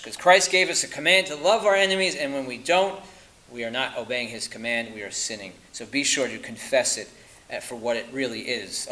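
A man preaching a sermon, emphatic and insistent, firing rhetorical questions and dropping to quiet at the ends of lines. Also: mid-range voice, poor audio.

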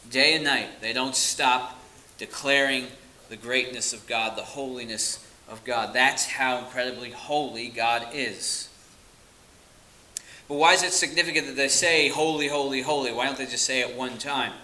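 A man's voice: medium pitch, moderate pace, sharp tone, a little hiss or hum, low-quality recording. A man preaching a sermon, earnest and emphatic, often repeating words for weight. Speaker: pastor.

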